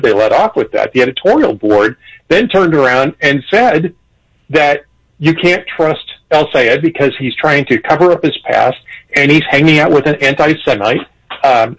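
A man discussing politics on a radio talk show, animated, chuckling, with frequent restarts. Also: on the high side, rough recording. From Irish heritage. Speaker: political commentator.

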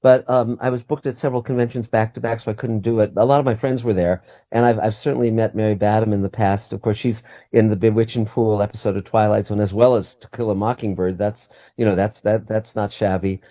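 A man's voice: on the low side, steady tone, a little fast, hardly any pauses, dry recording, highs cut off. A man guest on a call-in radio show, talking earnestly and often repeating and restarting his words.

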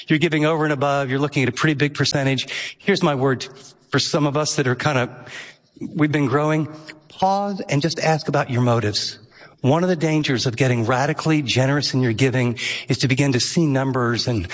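A man's voice: mid-range voice, brisk, long reverb tail. A man preaching a sermon as pastor, earnest and emphatic, who often asks rhetorical questions.

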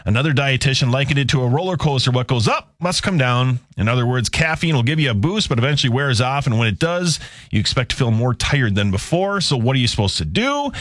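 A man's voice: fairly high pitch, no room sound. A man hosting a morning radio show, chatting casually and joking, with studio microphone sound. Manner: animated, joking, quick asides.

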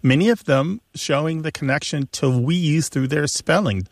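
A man's voice: on the high side, moderate pace, no echo. Guy hosting a radio word show, upbeat and jokey, dry sound. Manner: upbeat, playful banter.

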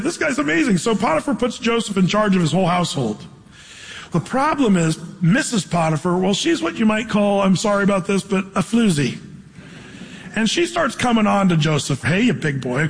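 A man preaching a sermon, reading scripture and then retelling the story in a casual, animated way with playful asides. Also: high voice, in a large hall, rough recording.

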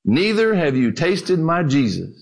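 A man's voice: high voice, normal speed, a bit bright, pitched above the performer's own voice. A man putting on an old folksy country preacher. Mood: calm. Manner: plain-spoken, unschooled folksy grammar.

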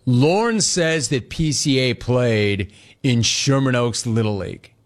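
A man's voice: medium pitch, slow. A man in his forties from Los Angeles hosting a sports talk show, telling rambling stories and reading live chat. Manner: animated, rambling storytelling, repeats phrases.

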